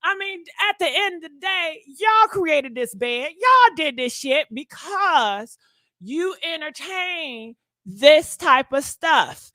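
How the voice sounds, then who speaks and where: A woman's voice: high voice, sharp tone, no echo. Woman, livestream gossip host, sassy and profane, repeats herself for emphasis, dry close sound. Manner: sassy, profane, rants to the chat. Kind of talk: casual livestream gossip commentary.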